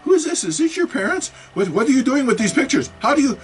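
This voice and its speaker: A man voicing a confused, feeble elderly caller, with a high, quavering, dithering voice. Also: sing-song, fast, distant mic. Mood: bewildered.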